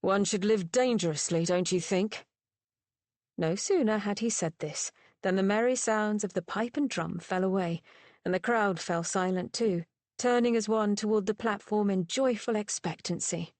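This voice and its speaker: A woman narrating a romance novel in a measured, even storytelling manner. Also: medium pitch, dry recording. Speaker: audiobook narrator. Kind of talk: scripted narration.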